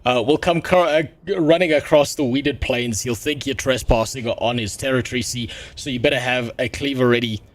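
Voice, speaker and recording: A man reading out a gruff old pirate-talking townsman. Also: medium pitch, lightly acted. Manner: halting read-aloud with stumbles over names.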